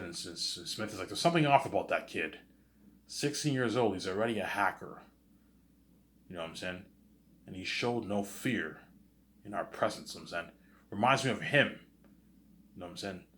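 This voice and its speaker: A man telling a rambling story out loud, acting out each character's lines and filling gaps with "you know what I'm saying". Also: low-pitched.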